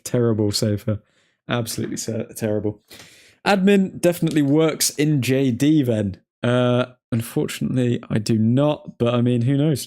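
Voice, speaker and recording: A man's voice: mid-range voice, darkish tone. A young man hosting a casual live stream, reading out updates and chatting with viewers, humming to himself while he scrolls. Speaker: livestream host reading transfer news.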